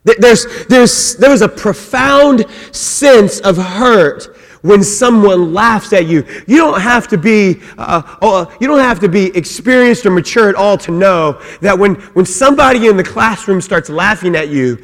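A man's voice: high-pitched, lively intonation, a little slow, fairly bright tone, big-room sound. A man preaching a sermon as pastor, earnest and repeating words as he builds his points. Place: church.

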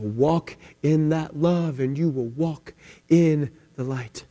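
A man preaching a sermon, swinging between impassioned shouting and hushed intensity. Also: on the high side, takes it slowly. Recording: long reverb of a large hall.

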